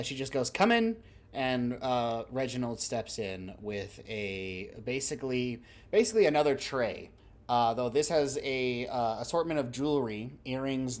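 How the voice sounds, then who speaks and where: A man narrating a tabletop game as game master, rambling through fillers and frequent laughter. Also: medium pitch.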